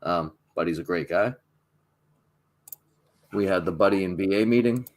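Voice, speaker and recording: Male co-host, lower voice, dry understated humor, casual chat. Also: moderate pace. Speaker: podcast co-host.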